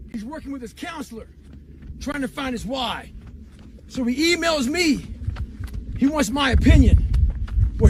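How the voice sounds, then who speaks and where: A man's voice: extremely high pitch, noisy background. A man giving a blunt, intense motivational talk, commanding and full of profanity. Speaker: motivational speaker.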